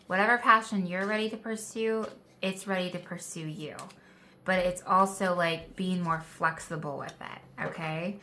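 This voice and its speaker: Chatty woman with a lowish voice. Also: steady tone, normal speed, sharp tone, slight background noise. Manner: chatty and encouraging, many "like" fillers. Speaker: tarot card reader. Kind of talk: casual pick-a-card tarot reading. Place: indoor room with a candle. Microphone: phone camera.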